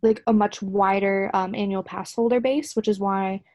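A woman's voice: mid-range voice, fairly even intonation, normal speed, mellow, no room sound, lo-fi sound. A woman co-hosting a casual podcast over a video call, chatty and scattered, often laughing. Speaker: podcast co-host.

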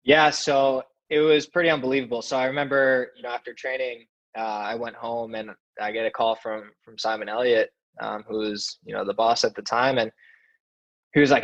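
A young man, a soccer player, telling stories as a podcast guest in a relaxed way, full of fillers and restarts. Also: medium pitch, moderate pace, lo-fi sound. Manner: relaxed storytelling with many fillers. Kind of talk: casual interview chat.

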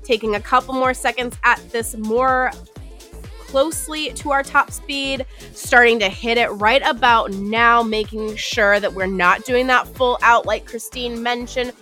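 A woman's voice: on the high side, a little slow, pushed and bright, faint music behind. A woman coaching a guided treadmill workout with easygoing, playful cues. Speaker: running coach.

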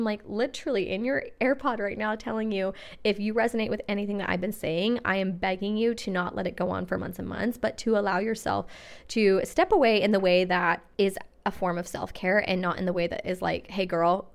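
A young adult woman hosting a solo podcast, talking in a chatty, earnest way full of "like" and "literally". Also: on the low side. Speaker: podcast host. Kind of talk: casual solo podcast monologue.

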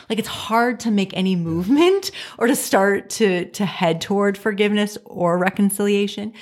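A woman's voice: mid-range voice, normal speed, hardly any pauses, a little mellow. A woman co-hosting a faith podcast, talking through forgiveness in a thoughtful, candid way with light laughs. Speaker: podcast co-host. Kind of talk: reflective faith conversation.

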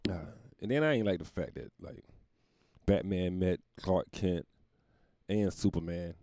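A man's voice: sits low, unhurried, mellow, no room sound, studio quality. A man going on a rambling, profane comedic rant, often laughing at his own jokes.

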